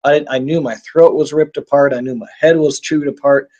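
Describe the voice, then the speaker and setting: A man's voice: mid-range voice, fairly even intonation, moderate pace, a little mellow, muffled recording. A middle-aged man telling a personal survival story in an interview, speaking intensely with frequent repeats and restarts.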